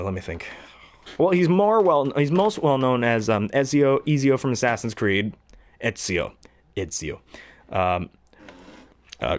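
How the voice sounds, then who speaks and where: A young man chatting casually about voice acting, rambling with lots of fillers and laughs. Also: fairly low pitch. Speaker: hobby voice actor. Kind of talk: casual chat.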